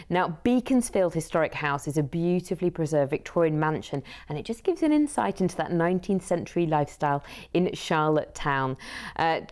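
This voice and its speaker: A British woman with a slightly low voice runs through cruise ports on a shopping channel. She talks in a bubbly, casual way, with fillers and easy laughs. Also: darkish tone. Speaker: cruise sales co-presenter. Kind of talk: TV shopping itinerary rundown.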